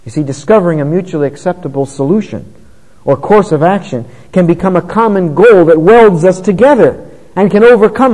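A man's voice: a little high, dark tone, long reverb tail, rough recording. A man preaching a sermon in an earnest, conversational way, often rising in emphasis.

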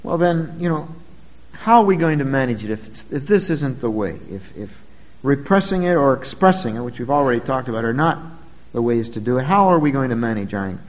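A man's voice: mid-range voice, lively intonation, fairly quick, long reverb tail, lo-fi sound. A pastor preaching a sermon, earnest and emphatic, speaking directly to his congregation.

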